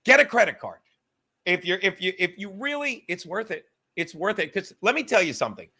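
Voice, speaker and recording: A young man hosting a livestream, talking in a profane, rambling, animated way. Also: sits high, brisk. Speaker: livestream host. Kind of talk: casual livestream rant.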